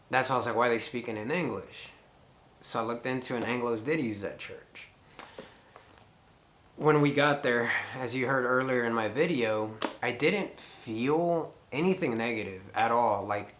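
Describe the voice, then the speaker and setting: A man's voice: mid-range voice, a bit bright, echoey room, a little hiss or hum. A middle-aged man telling a rambling story to the camera, full of fillers as he retells conversations. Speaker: paranormal vlogger.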